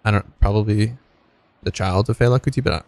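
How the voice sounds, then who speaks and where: A man's voice: lowish voice, a little fast, creaky, darkish tone, no echo. A man co-hosting a community radio music show, easygoing and casually profane, introducing tracks with some hesitation. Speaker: radio co-host.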